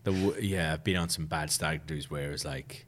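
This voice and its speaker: A man's voice: very deep voice, normal speed, a little hiss or hum. A man, hosting a casual podcast chat and telling a long story with many fillers. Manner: rambling storyteller, lots of fillers. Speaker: podcast host.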